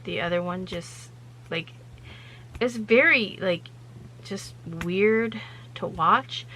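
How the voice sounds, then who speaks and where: A woman's voice: on the low side, slow pace, pushed and bright, a little hiss or hum, low-quality recording. A woman hosting her own vlog, telling a story in a rambling, chatty way with lots of loose fillers. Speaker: vlog host.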